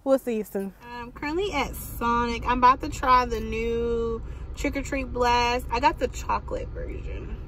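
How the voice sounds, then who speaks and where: A young woman, vlogging in a chatty, playful way and calling out to her viewers. Her voice sits a little high, with faint noise behind it. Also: moderate pace, fairly bright tone. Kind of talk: casual vlog chat.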